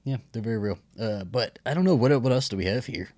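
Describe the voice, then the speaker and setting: A man co-hosting a podcast in relaxed, casual chat, hedging with fillers. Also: mid-range voice, fast, no echo, clean studio sound. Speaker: podcast co-host.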